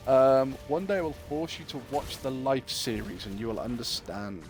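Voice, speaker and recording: A man's voice: mid-range voice, animated, normal speed, music in the background. A young man chatting casually and joking with his viewers while streaming a game. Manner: chatty, joking, talks to chat. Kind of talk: casual gameplay chat.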